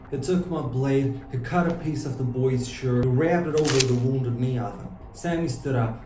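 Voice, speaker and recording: A man's voice: medium pitch, moderate pace, a little mellow. A man narrating a tense, gritty crime story in the first person. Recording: roomy distant mic with music.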